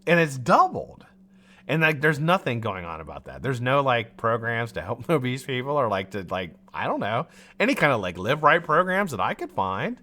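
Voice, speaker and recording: Animated ranting man, bright voice. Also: mid-range voice, normal speed. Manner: frustrated, profane, rambling with restarts; laughs at his own jokes. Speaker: livestream host. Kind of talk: heated live-stream rant.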